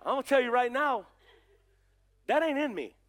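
Man, pastor, very high voice, fervent sermon, folksy humor, shouting peaks, church. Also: expressive, normal speed. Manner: fervent preaching that rises to shouts; folksy and joking, addresses members of the congregation.

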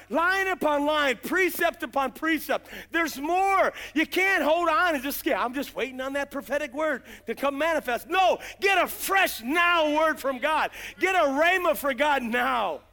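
Middle-aged male revival preacher, high and bright, impassioned and folksy. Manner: impassioned, shouting bursts, drawn-out emphasis; folksy, uses "gotta" and "ain't". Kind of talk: fiery revival sermon.

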